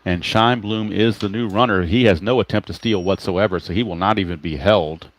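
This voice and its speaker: A man's voice: lowish voice, a little fast. A man giving casual play-by-play of a tabletop baseball game, explaining each roll and chatting to viewers by name.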